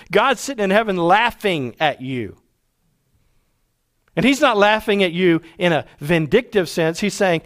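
A male pastor delivers a sermon in a high, expressive voice. He acts out quoted speech and sometimes drops to a near-whisper for emphasis. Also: a little slow. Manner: animated preaching, acting out quoted voices, dropping to hushed tones.

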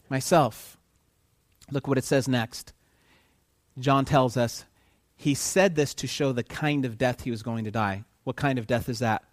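A man preaching a sermon who keeps asking his listeners questions and pauses for their answers, swinging from quiet to loud for emphasis. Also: fairly high pitch, no echo, studio quality.

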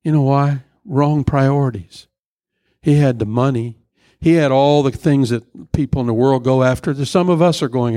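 A middle-aged man preaching a sermon, telling stories in a rambling, halting way with many fillers, then leading a prayer. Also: mid-range voice, darkish tone, dry recording, clean studio sound.

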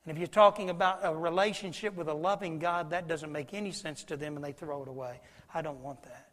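A man preaching a sermon, telling a folksy story and swinging between loud and hushed. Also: on the high side, fairly even intonation, brisk. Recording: long hall reverb.

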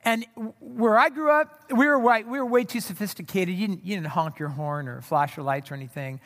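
A man preaching in a hall with a long, ringing reverb. His voice sits very high for a man. He talks in a loose, chatty storytelling way, with plenty of ums and restarts. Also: a little fast, a bit bright. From Southern California. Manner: storytelling, conversational, many fillers and restarts. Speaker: pastor. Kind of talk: sermon.

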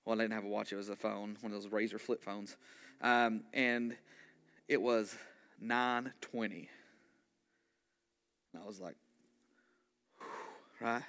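A man, a pastor telling a story in a sermon, animated and conversational, full of asides. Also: on the low side, takes it slowly, pauses often.

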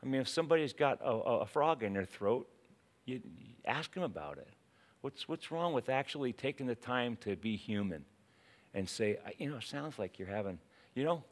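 A man's voice: medium pitch, very animated, normal speed. A man preaching a sermon in a conversational way, telling a personal story, with frequent restarts. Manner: conversational, anecdotal with many restarts.

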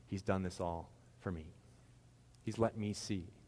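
A man's voice: deep voice, a little slow. Man preaching in a reverberant church. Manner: conversational, animated preaching with asides. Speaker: pastor. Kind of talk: sermon. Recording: long hall reverb.

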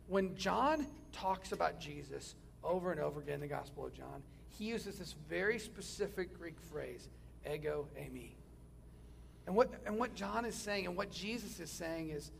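High gravelly-voiced male preacher. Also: slight background noise. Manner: dynamic, swings from loud emphasis to hushed near-whispers. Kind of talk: sermon.

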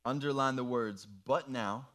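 An earnest man preaches to a young audience in a mid-pitched voice. He walks them through a worksheet with patient, encouraging instructions. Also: unhurried, a bit bright. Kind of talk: sermon with worksheet activity.

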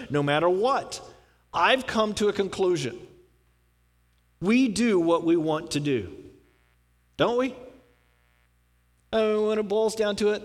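High-voiced pastor in a reverberant hall. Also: male voice. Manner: folksy, asks rhetorical questions, repeats punchlines. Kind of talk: conversational sermon. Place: church sanctuary. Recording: long reverb of a church hall.

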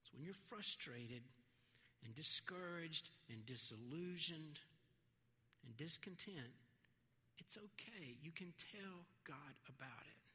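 High, bright-voiced male pastor preaching in a hall. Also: expressive, slow, breathy edge. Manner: conversational, earnest, breaks into quoted voices and light laughs. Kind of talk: sermon.

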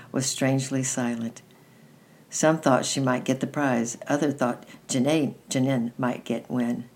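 A woman reading a children's chapter book aloud at storytime, steady and gentle with occasional slips. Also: rumbling low. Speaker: storytime reader.

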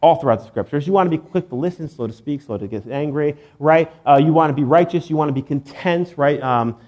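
A man's voice: on the high side, brisk, darkish tone. A man giving a sermon in church, conversational and joking, with many fillers. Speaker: pastor.

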